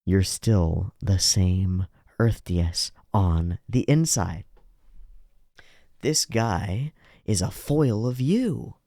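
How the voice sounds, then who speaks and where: A man's voice: lowish voice, extremely slow, mellow, no room sound. A man hosting an anime reaction video, speaking bluntly and emphatically, with some swearing. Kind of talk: reaction commentary.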